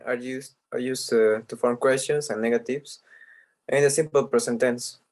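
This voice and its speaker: A man presents grammar examples to his class in a mid-range voice. His delivery is hesitant and frequently broken by filler sounds. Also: mid-range voice. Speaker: student presenter.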